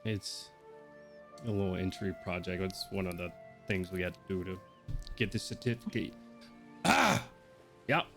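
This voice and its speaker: A modest, plain-spoken working man, voiced by a man in a low register speaks earnestly and haltingly. The voice stays close to an everyday speaking tone. Faint music plays underneath. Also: lively intonation, gravelly.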